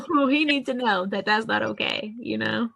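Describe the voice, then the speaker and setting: A woman in a casual group chat, telling a family story and backing others up with quick affirmations. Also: a little high, lively intonation, gravelly, fairly bright tone, breathy edge, no echo. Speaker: group discussion participant.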